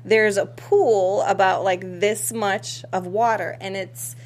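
A woman's voice: medium pitch, fairly even intonation, slow pace. A woman hosting a fitness talk show, chatting casually with lots of fillers and frequent laughs. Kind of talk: casual podcast chat. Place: Los Angeles studio.

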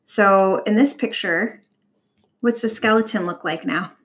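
A woman reading a picture book aloud to her child at home, expressive and animated, stopping to ask the child questions. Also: mid-range voice, a little slow.

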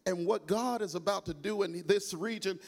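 A man with a Southern American accent preaching a sermon in a church, in a chanting, sing-song cadence that rises to shouts. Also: high-pitched, normal speed, gravelly. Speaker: bishop preaching.

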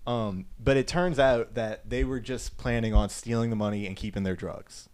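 A man retelling a movie plot in a loose, rambling podcast chat. His voice sits at a middle pitch, and his talk is peppered with fillers and "like". The delivery is casual and unhurried. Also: darkish tone. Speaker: podcast co-host. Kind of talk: casual film recap.

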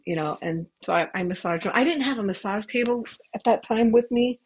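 A woman's voice: on the low side, fast talker, few pauses, slightly rough, rough recording. A middle-aged woman telling stories casually into a headset microphone as a podcast host, chatty and swearing, with laughing asides. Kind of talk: casual storytelling.

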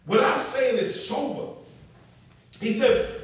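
Man, preacher, high voice, emphatic, talks straight to the congregation, booming church echo, distant mic. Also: expressive, moderate pace. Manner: emphatic, conversational, addresses the congregation directly. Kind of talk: sermon. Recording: echoey room, mic far off.

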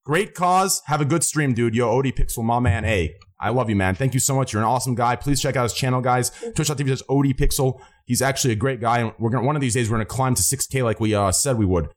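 Guy streaming for charity, reading donos, hyped and jokey, swears a lot, normal middle pitch. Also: fast, hardly any pauses. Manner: hyped, joking, swears freely. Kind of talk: live-stream donation reading.

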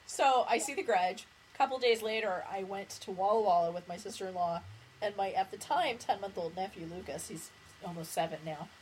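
A woman's voice: mid-range voice, fairly quick, rough recording. A woman co-hosting a podcast in casual chat, telling long rambling stories and laughing as she goes. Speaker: podcast co-host. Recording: faint background noise.

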